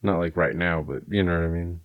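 A man's voice: deep voice, fast, no room sound, phone-quality sound. A young adult man hosting a podcast in casual chat, laid-back, swearing and laughing often. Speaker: podcast host.

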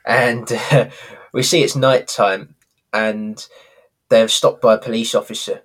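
A man's voice: lowish voice, fairly even intonation, measured pace, a bit bright. A man co-hosting a podcast, recapping a sitcom episode in rambling casual chat. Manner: rambling, with restarts and laughs. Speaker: podcast co-host.

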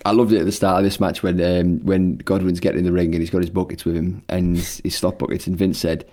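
A man co-hosting a podcast, chatting with dry wry jokes and halting fillers. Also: deep voice, flat delivery, warm tone. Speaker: podcast co-host. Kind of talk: casual chat.

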